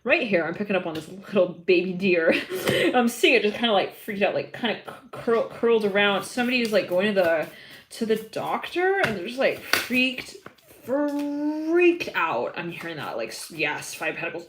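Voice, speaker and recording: A woman's voice: medium pitch, very animated, normal speed, a bit bright, slight background noise. A woman doing a live tarot reading, chatty and giggly and rambling with many fillers. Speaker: tarot reader.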